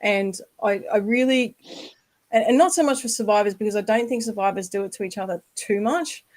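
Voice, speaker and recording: An Australian woman hosting a casual podcast interview, with a voice of ordinary middle pitch. She talks earnestly and reassures her guest, and now and then she swears for emphasis. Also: brisk, a little mellow, poor audio. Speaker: podcast host.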